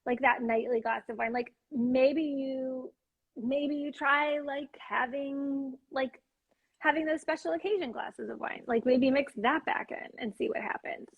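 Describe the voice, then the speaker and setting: High husky woman chatting. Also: fairly even intonation, unhurried, narrow, tinny audio. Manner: chatty, filler-heavy, swears casually. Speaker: livestream co-host. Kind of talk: casual chat. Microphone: phone on a live stream.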